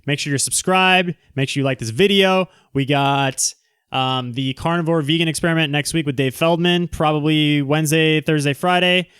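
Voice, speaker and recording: A man hosting a live stream, chatting casually and rambling through quick asides to his viewers. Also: on the high side, fairly even intonation, fairly bright tone, smooth, dry recording, studio quality. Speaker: livestream host. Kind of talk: casual livestream chat.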